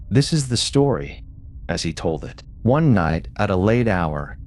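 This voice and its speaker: A man narrating classic ghost stories for sleep in a measured, expressive reading. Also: fairly low pitch, slight background noise. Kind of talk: storytelling for sleep.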